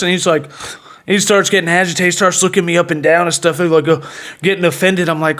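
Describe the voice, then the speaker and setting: A man's voice: a little high, fairly even intonation, brisk, a bit bright. A young man hosting his own show, telling a boastful story in a brash, mocking way, laughing at his own jokes and filling his talk with "like" and "you know what I mean.". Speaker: podcast host.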